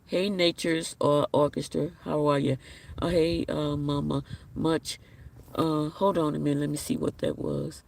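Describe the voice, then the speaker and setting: A man's voice: a little high, little pitch movement, a little slow, vocal fry, recorded from a distance. A man hosting a casual live stream, chatting and reading viewer comments aloud with an apologetic manner. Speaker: livestream host.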